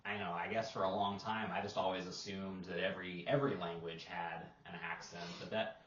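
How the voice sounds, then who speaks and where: A man co-hosting a casual roundtable talk as an English teacher, rambling and relaxed with lots of fillers. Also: low voice, brisk, reverberant, lo-fi sound. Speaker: English teacher and podcast co-host.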